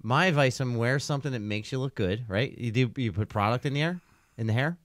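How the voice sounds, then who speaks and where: A man's voice: mid-range voice, fast talker. A man hosting a podcast, leading loose, joking banter with questions. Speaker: podcast host. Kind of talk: casual chat.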